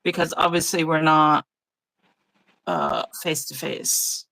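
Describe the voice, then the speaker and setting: A woman hosting a casual live craft session over a video call, chatty and relaxed, laughing often. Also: low-pitched, slow, vocal fry, dry recording, poor audio. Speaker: craft channel host. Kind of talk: casual live-stream chat while journaling. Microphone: phone or tablet mic over a video call.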